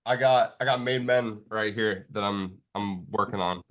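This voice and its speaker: A man's voice: on the low side, moderate pace, dull audio. A man chatting casually on a podcast, easygoing and a little hesitant, often chiming in with short agreement. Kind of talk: casual chat.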